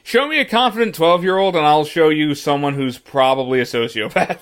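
A man from Missouri riffs through a casual podcast chat. His voice sits a bit high, and he jokes and swears freely, often restarting his sentences with stammers. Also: brisk, a bit bright, a little hiss or hum. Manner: joking, profane, stammering restarts. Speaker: podcast co-host.

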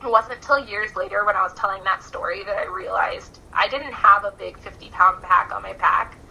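Bright-voiced chatty woman storyteller. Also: medium pitch, fairly quick, vocal fry, highs cut off, a little hiss or hum. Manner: animated, chatty, frequent "like" fillers. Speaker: podcast guest. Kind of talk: casual storytelling.

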